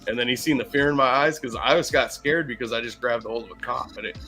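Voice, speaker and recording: A man telling a story in casual chat, animated and profane, laughing as he goes. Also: medium pitch, fast, soft background music. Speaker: podcast co-host.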